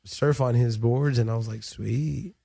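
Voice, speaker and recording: A man's voice: mid-range voice, normal speed, background noise. A young man, a boxer guest on a podcast, telling a long story in casual chat, swearing a lot and acting out the lines of the people in it. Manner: animated, profane, acts out quoted dialogue. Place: podcast studio.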